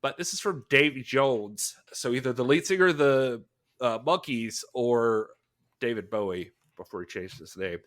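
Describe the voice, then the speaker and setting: A man's voice: medium pitch, normal speed, a bit bright. A man co-hosting a casual talk show, reading reviews aloud with mock drama and frequent laughter. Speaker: podcast co-host. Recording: echoey room.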